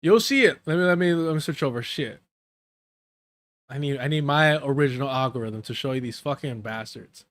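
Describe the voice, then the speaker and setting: A man's voice: mid-range voice, fairly quick, no echo. A man giving live reaction commentary on a clip, mocking and profane, breaking into laughter.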